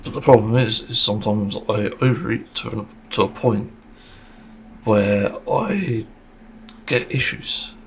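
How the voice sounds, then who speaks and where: A man with a low-pitched, gravelly voice talks through a casual solo podcast monologue. He speaks bluntly and swears freely, and slips into sarcasm now and then. Faint ambient noise sits behind him. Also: unhurried. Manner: blunt and sweary, with a frank complaining tone; sarcastic at times. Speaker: podcast host.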